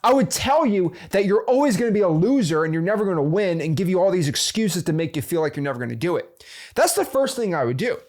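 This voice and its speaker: A man talking straight to camera about business in a casual motivational style, his pitch swinging widely as he makes his points. He plays devil's advocate, leans on fillers like "right?" and restarts his sentences mid-thought. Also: lively intonation, fast, a little mellow. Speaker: host of a real estate investing channel.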